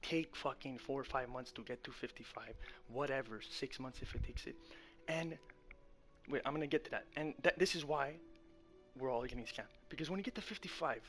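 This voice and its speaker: A man's voice: mid-range voice, a little fast, a bit bright, faint music behind. A man hosting a gaming channel, ranting in a heated, profane way, calling the viewer bro and often correcting himself mid-sentence. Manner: rambling with frequent self-corrections.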